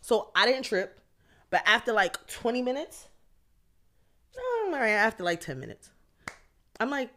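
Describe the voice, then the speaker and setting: A woman's voice: fairly high pitch, unhurried, long pauses. A woman co-hosting a podcast, casually telling a story with lots of swearing and quoted texts. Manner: animated, swearing, quotes her own texts. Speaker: podcast co-host.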